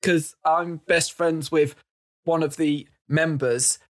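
A man chatting casually as a podcast guest, relaxed and laughing at his own stories. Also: a little high, slow pace. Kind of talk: casual chat.

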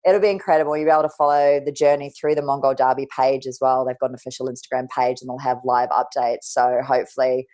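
Low-pitched woman, candid guest storyteller, casual and frank. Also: level tone, fast, hardly any pauses, darkish tone. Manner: candid, casual, swears lightly. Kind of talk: emotional personal storytelling.

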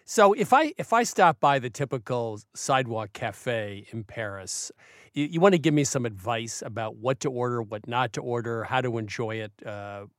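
A man hosting a radio cooking show, asking questions and narrating in a measured way. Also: medium pitch, lively intonation, no room sound, studio quality. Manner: measured, laughs easily.

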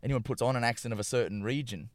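Fast-talking comedian. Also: male voice, mid-range voice, fairly even intonation, no echo, studio quality. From Australia. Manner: quick, rambling, acts out voices in his stories. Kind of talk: casual podcast chat.

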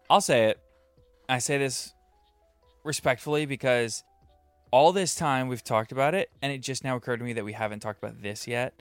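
Card game podcast guy, mid pitch, exasperated ranty talk, faint music under it. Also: fairly bright tone, clear, resonant tone, no echo. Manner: exasperated, emphatic ranting. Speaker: podcast co-host. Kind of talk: casual chat.

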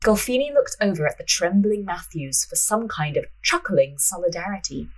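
A woman's voice: on the low side, animated, rough recording. A woman hosting a podcast, narrating a story and joking around between reading. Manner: playful, quick asides. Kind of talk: reading a story aloud with banter.

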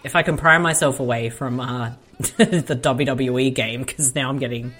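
A man's voice: mid-range voice, steady tone, moderate pace, pushed and bright. A laid-back man co-hosting a casual movie-watching commentary, rambling and making crude jokes. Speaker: co-host.

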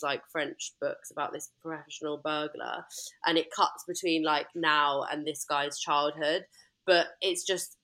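A woman's voice: low voice, sharp tone. A young woman, co-hosting a podcast and enthusiastically retelling scenes in casual chat. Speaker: podcast co-host.

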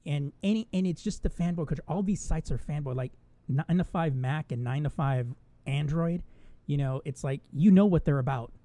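A man's voice: a little high, moderate pace, mellow, dry recording. A man co-hosting a casual podcast, ranting with a lot of swearing and frequent laughs. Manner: profane, ranting, laughs often. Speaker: podcast co-host. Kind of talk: casual chat.

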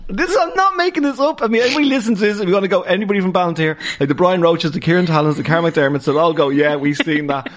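A man with a Dublin Irish accent, a stand-up comedian and podcast guest, telling stories in an animated way and laughing as he goes. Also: on the high side, rapid-fire, hardly any pauses. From Dublin, Ireland. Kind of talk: casual storytelling in a podcast interview.

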